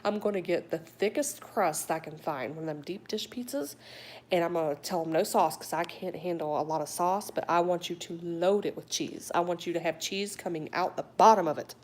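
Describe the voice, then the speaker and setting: Middle aged woman rambling on a phone livestream, kinda low voice, reads chat out loud, little whispers here and there. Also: a little fast, a little hiss or hum. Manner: chatty and animated, with whispered asides. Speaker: livestreamer reading viewer chat. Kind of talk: casual live chat. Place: home in a warm state.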